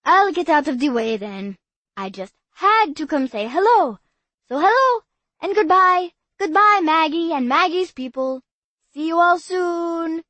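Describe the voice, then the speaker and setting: A woman's voice: extremely high pitch, animated, unhurried, bright, forceful tone, no room sound, pitched above the performer's own voice, exaggerated voice. A woman voicing a sweet, overexcited young boy who gushes in a breathless, sing-song way. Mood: cheerful.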